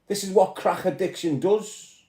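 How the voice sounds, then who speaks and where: A man's voice: high-pitched, a little slow, dark tone. Angry Scouse man ranting in an echoey room. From Liverpool. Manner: aggressive, swearing, confrontational. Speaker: live stream host. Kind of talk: ranting live chat.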